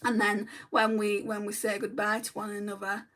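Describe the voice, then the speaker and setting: A woman's voice: mid-range voice, flat delivery, normal speed, hardly any pauses, pushed and bright. A woman beauty vlogger chatting casually while doing her makeup, rambling with many ums. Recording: voice a bit far from the mic.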